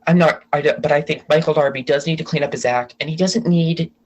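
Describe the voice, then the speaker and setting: Rough audio captures a DC-area man guesting on a podcast, his voice a little high, fairly quick and darkish. He chats casually about gossip, rambling and frequently stopping to restart or correct himself.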